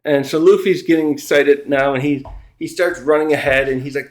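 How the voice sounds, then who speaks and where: A man's voice: on the high side, fairly even intonation. Rambling man recapping a manga chapter. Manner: rambling, halting, laughs often, acts out characters' lines. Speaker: manga reviewer.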